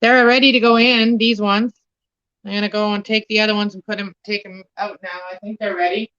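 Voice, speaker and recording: A woman's voice: medium pitch, little pitch movement, fairly quick, a bit bright, muffled recording. A woman hosting a casual home livestream, rambling and easily distracted while she bakes in her kitchen. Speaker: livestream host.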